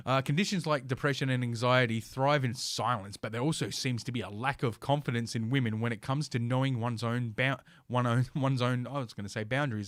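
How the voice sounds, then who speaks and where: A man's voice: medium pitch, no room sound, clean studio sound. A man hosting a podcast, ranting with scorn and heavy swearing while reading an article aloud. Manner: profane, scornful, sarcastic. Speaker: podcast host. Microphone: podcast mic.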